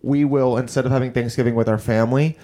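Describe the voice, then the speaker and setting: Podcast host dude rambling on, swearing, laughing, mid-pitched voice. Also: male voice, fairly even intonation, quick pace, dark tone. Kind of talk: casual podcast chat.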